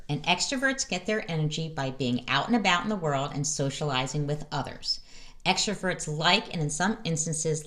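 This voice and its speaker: A middle-aged woman hosting a parenting advice vlog in a casual, storytelling way. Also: on the low side. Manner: lively, animated storytelling with acted-out quotes.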